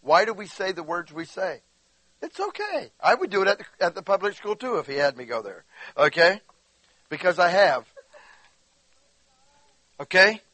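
Man preaching, high voice, bright and forceful, dry close sound, chatty storytelling sermon. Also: moderate pace, long pauses, no echo, low-quality recording. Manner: animated storytelling, acts out quotes; conversational, addresses listeners directly. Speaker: pastor.

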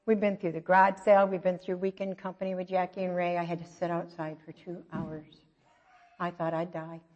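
A middle-aged woman preaches in a chatty, self-mocking way, with stories and quick asides. Her voice sits at an ordinary pitch for a woman. The recording is dull and lo-fi, with a long echo from a big hall. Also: level tone. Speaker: church speaker. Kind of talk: conversational sermon.

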